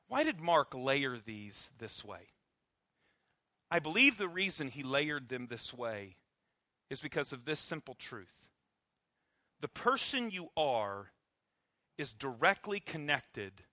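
A man preaching a sermon. He is emphatic and animated, uses dry humor, and swings from loud stresses to soft, low endings. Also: slow, long pauses, dry recording. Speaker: pastor.

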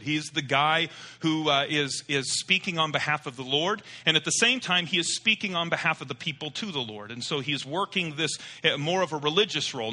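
A middle-aged man preaching from the pulpit, a loose and rambling storyteller. His voice is very bright and sits a little high for a man. He drifts easily from a joke into scripture. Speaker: pastor. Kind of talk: sermon with a told joke.

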